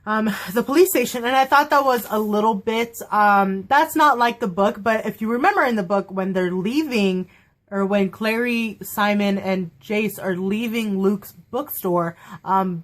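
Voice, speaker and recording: A young woman giving a casual, gushing review of a TV episode, laughing often and acting out characters' lines. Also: fairly high pitch. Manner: bubbly, gushing, laughs often, acts out quotes.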